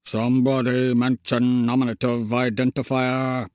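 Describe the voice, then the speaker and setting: A man's voice: mid-range voice, little pitch movement, measured pace, darkish tone, no room sound, clean studio sound, voice pushed down, lightly acted. A man voicing a dazed male robot who speaks in clipped, computer-like phrases. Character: clunky, befuddled male transforming robot.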